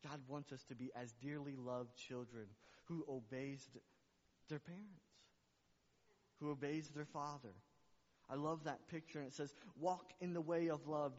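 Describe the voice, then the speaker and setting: A man's voice: a little high, darkish tone. A man preaching a sermon as pastor, repeating words and building to fervent climaxes. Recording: long reverb, dull lo-fi sound.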